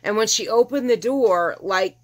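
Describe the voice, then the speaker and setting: A woman's voice: medium pitch, measured pace. A middle-aged woman, casually telling a long rambling story and acting out what people said. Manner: chatty, rambling, acts out quoted dialogue. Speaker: vlogger telling her rescue story.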